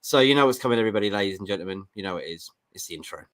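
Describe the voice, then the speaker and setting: A man's voice: fairly low pitch, lively intonation, rapid-fire, very noisy. A man hosting a casual football podcast, chatty and jokey, rambling a little as he talks. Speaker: podcast host.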